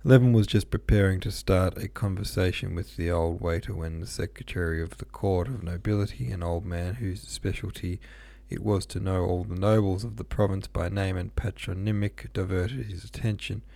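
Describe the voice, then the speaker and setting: Man reading a novel aloud, low mellow voice, dry close sound, small slips. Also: fairly even intonation, normal speed, gravelly, dry recording. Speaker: audiobook reader. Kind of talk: informal read-aloud of a classic novel.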